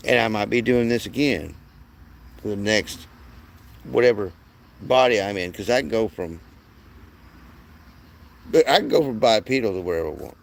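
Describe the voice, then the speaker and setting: A man's voice: fairly low pitch, moderate pace, gravelly, pauses often. A man delivering a rambling, profane monologue as the channel's host, often restarting his sentences.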